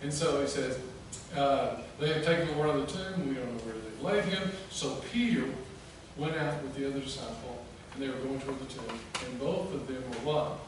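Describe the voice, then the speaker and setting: A man preaching a sermon as pastor, telling the story in a folksy, animated way and acting out the quoted voices. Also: medium pitch, a little fast. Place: church sanctuary. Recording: echoey church from a distance with noise.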